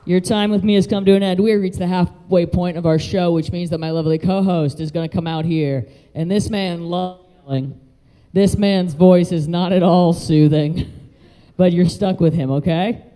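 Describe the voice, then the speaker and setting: A man's voice: high-pitched, steady tone, moderate pace, mellow, clean tone, big-room sound. A man hosting a live comedy show, upbeat and teasing as he brings on the co-host. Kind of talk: stand-up hosting.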